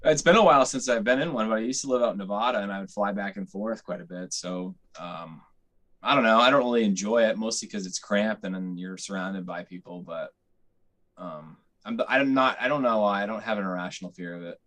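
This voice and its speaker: A man chatting casually on a podcast, laid-back and halting. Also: lowish voice, fairly bright tone. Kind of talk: casual chat.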